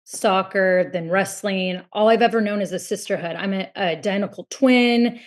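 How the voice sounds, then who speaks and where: A woman chatting as a podcast guest at a middle pitch. She talks in a loose, chatty way, stacking fillers as she tells her story. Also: moderate pace. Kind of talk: casual chat.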